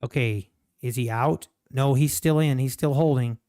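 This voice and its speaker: A man's voice: mid-range voice, moderate pace, dark tone, close to an everyday voice. A man voicing scheming male market makers gossiping on the phone, in a conspiratorial tone.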